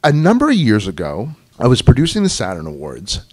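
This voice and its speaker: A guest speaker at a writers club tells anecdotes to his audience in a club meeting room, chatty and casual with plenty of "you know." His mid-range voice swings hugely in pitch and moves fairly quickly.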